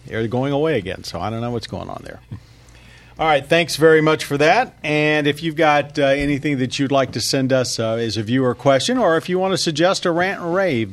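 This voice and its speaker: A man hosts a car podcast in a relaxed, chatty way. He laughs easily and runs a little short of breath while closing the show with a list of thanks. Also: mid-range voice. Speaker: podcast host. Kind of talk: casual roundtable chat.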